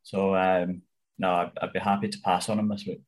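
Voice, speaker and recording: A man tipping golf bets in casual chat, analytical and measured with frequent ums. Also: low voice, flat delivery. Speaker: golf betting tipster.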